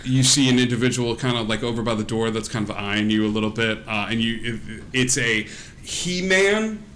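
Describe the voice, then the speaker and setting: A man's voice: fairly low pitch, little pitch movement, quick pace, a bit bright, slight background noise. A man narrating a tabletop game as game master on a live stream, loose and rambling with many fillers.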